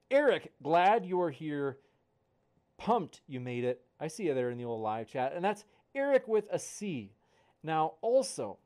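A man's voice: on the high side, darkish tone. A young man hosting a livestream, chatting upbeat as he reads out viewer comments and promotes upcoming debates. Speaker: livestream host and debate moderator. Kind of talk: casual live-chat reading.

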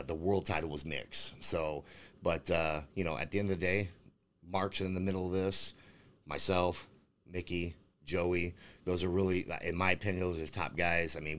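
Deep-voiced man telling a profane fight story. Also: a bit bright. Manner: rambling, profane storytelling with many fillers. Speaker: bare-knuckle fighter guest. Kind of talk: casual podcast interview.

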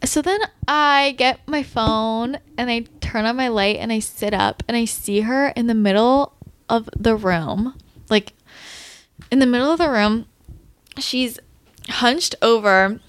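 High-voiced young woman telling a story. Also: unhurried, smooth, no room sound. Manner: animated, fillers of "like", dramatic retelling. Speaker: storyteller guest. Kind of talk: casual storytelling chat.

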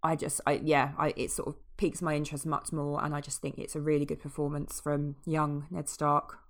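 Chatty woman with a low voice. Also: monotone, brisk. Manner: enthusiastic, chatty, many fillers and restarts. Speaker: podcast co-host. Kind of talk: casual chat about a fantasy TV series.

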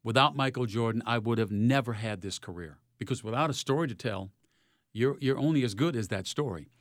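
A retired sports reporter in his sixties, telling lively stories in an interview. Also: a little fast, no room sound, studio quality. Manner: animated storyteller, rising loud in highlights. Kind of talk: storytelling interview.

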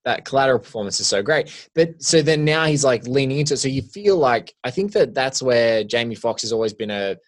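A man's voice: mid-range voice, animated, brisk, hardly any pauses. A young adult man co-hosting a podcast, rambling through casual film chat with many restarts. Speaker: podcast co-host.

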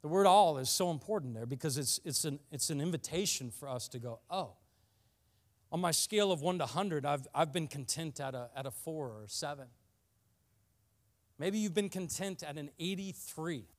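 A man preaching a sermon about fasting, earnest and often building to passionate emphasis, with frequent restarts. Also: a little high. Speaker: pastor.

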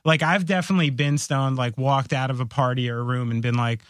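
A man hosting a podcast, telling stories in a rambling, animated way during casual chat. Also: medium pitch, fast talker, no echo, studio quality. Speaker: podcast host.

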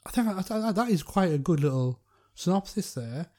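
Mellow-voiced relaxed podcast host. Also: mid-range voice, moderate pace. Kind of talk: casual film podcast chat.

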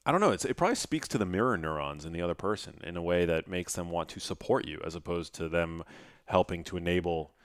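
A man's voice: deep voice, animated, quick pace, clear, resonant tone, dry recording, studio quality. A man hosting a podcast interview, talking reflectively and searching for his words. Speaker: podcast host. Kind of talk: conversational interview.

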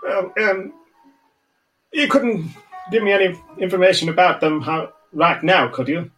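Man voicing fussy gnome gentleman, pompous, stammering, wheedling, raised pitch. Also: measured pace, soft background music. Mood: flustered pleading. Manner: stammering, wheedling, self-important.

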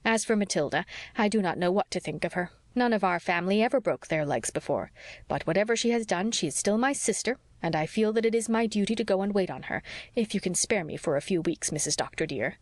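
A woman's voice: mid-range voice, animated, fast, no echo, close to an everyday voice. A woman voicing a fussy, devoted older housekeeper woman who frets in a homely, old-fashioned way, read for an audiobook. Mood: fretful.

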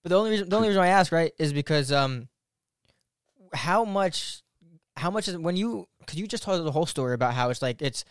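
Smooth-voiced man asking halting questions. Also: fairly high pitch, expressive, no room sound. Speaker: podcast host. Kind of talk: casual interview questions.

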